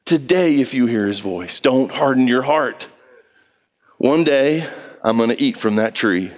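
A man preaching a sermon in an impassioned, pleading way, swinging between high and low. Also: expressive, measured pace.

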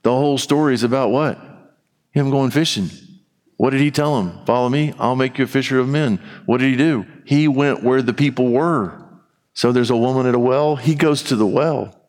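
A man's voice: mid-range voice, moderate pace. Preaching man in a reverberant hall. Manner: animated storytelling, acting out dialogue. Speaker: pastor. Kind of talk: sermon.

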